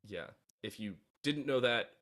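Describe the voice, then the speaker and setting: A man casting esports, giving measured match analysis and dropping dry jokes. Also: mid-range voice, animated, a bit bright. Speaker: esports caster. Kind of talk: esports commentary and banter.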